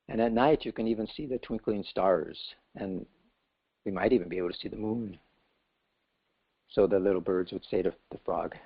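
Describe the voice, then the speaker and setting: A man's voice: fairly low pitch, moderate pace, breathy edge, no echo. A man giving a scripture class, telling a story in a casual way with many fillers. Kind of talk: storytelling lecture. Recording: dull lo-fi class recording.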